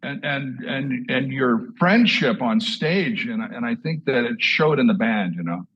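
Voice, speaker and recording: A man in his sixties who grew up in Southwest Iowa, hosting a relaxed conversation. He stumbles through repeated words and restarts as he builds his anecdotes. The audio sounds a little muffled, with a faint hiss underneath. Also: medium pitch, unhurried. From Southwest Iowa, USA. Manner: repeats words and restarts often, lively storyteller. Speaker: host, drummer.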